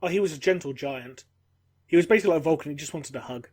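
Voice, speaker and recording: High-voiced joking man. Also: darkish tone. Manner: quick, joking, sure of his facts. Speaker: podcast co-host. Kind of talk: casual podcast chat.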